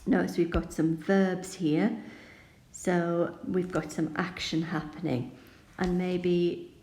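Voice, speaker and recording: A woman teacher talks through a poem in a slow, unhurried way, calm and explanatory. Her voice is low and mellow. The room around her sounds echoey. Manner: calm, explanatory, reads verse aloud. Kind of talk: poetry annotation lesson.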